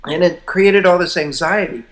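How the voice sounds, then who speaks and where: An older man being interviewed, telling his story in a relaxed, self-deprecating way with frequent chuckles. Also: sits high, moderate pace. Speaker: interview guest, publisher.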